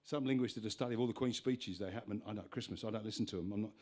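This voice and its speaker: At a live music venue, a folk singer-songwriter speaks on stage between numbers through a stage vocal mic with a monitor. His voice is lowish and a little mellow, and very fast. His talk is chatty and rambling, full of self-interruptions and restarted sentences.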